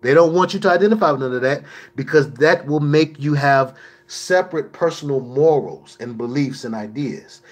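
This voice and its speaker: A man's voice: fairly high pitch, normal speed. A man hosting a livestream, answering viewer questions in an emphatic, preachy way with mocking asides.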